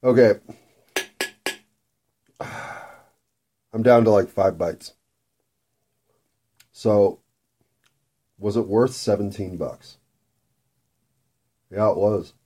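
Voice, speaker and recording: Mellow-voiced man rambling profanely. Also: lowish voice, drawn-out words, pauses often, breathy edge. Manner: profane, rambling and food-obsessed. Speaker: vlogger. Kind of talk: casual rambling monologue while eating.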